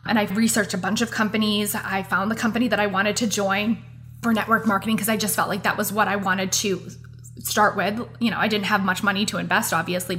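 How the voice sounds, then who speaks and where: A woman's voice: mid-range voice, fairly bright tone. A woman, hosting a motivational podcast. She talks in an earnest, chatty way, as if speaking directly to her listeners. Faint music plays in the background. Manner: earnest, chatty, addresses listeners as "you guys". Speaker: podcast host. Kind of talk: casual motivational podcast monologue.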